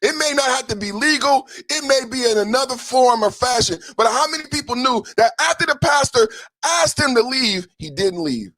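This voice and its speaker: A man hosting a live podcast stream, commenting on clips in an emphatic, repetitive way that swings between soft talk and shouting. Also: very high-pitched, expressive, moderate pace, dry recording. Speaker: podcast host.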